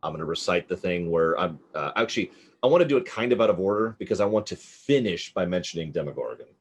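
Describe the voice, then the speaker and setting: A man playing a tabletop game who chats in an animated, self-mocking way. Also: deep voice, quick pace, slightly rough. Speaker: player. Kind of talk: casual tabletop game chat.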